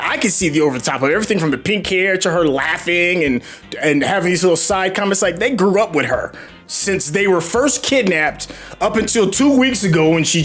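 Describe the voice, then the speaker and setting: A man hosting a casual TV episode review, talking in an animated, opinionated way and asking his co-host questions. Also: high voice. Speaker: show host reacting to a TV episode.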